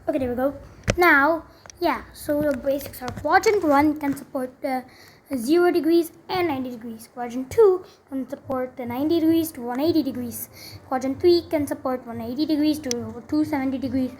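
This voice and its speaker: A young woman with a high voice tutors math at a moderate pace, with a little hiss or hum on the recording. She explains casually while writing, chatty and full of fillers and self-corrections.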